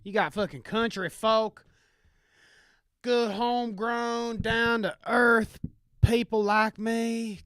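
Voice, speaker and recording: A man's voice: high voice, a bit bright, clear, resonant tone, no room sound, studio quality, voice pushed up. A man voicing an angry, swearing country redneck farmer in a put-on Southern accent. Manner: drawling, swearing, indignant.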